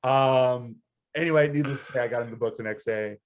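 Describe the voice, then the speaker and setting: A man on a casual podcast, telling a story with plenty of energy. He swings up into high-pitched laughter as he goes, and his voice sits at a middle pitch. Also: a little fast. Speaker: podcast co-host.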